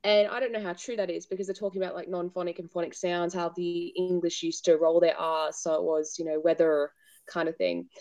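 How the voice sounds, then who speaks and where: A woman co-hosting a podcast, chatting casually in an animated, talkative way. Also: lowish voice, brisk, hardly any pauses, no echo. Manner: animated and chatty, laughs easily. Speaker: podcast co-host. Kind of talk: casual chat.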